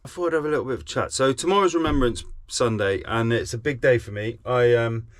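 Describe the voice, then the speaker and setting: A man's voice: mid-range voice, quick pace, no room sound, clean studio sound. Chatty man vlogging. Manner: chatty, earnest, repeats himself for emphasis. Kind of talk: casual vlog chat.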